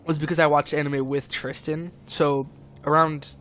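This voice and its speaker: A man's voice: a little high, level tone, moderate pace, a bit bright. A young man streaming, rambling and agitated as he retells a falling-out, with lots of fillers and restarts. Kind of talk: casual stream chat, retelling a conversation.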